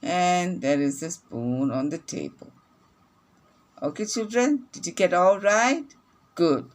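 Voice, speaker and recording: Lady teacher reading to little kids, super slow, says everything twice. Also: on the low side, animated. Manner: slow, deliberate, repeats each sentence for children. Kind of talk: reading lesson for young children.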